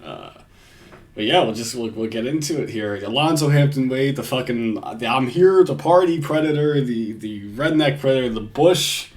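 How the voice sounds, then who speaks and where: A man's voice: mid-range voice, moderate pace. A man giving crude, casual reaction commentary from home, swearing and laughing often.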